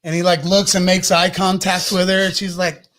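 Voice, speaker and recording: A man hosting a podcast, telling a comic story in an animated, profane rant. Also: high voice, moderate pace. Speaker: podcast host.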